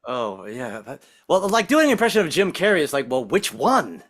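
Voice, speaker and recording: A man doing a rambling stand-up comedy set over a video call, slipping into quick impressions. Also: on the high side, big pitch swings, fairly bright tone.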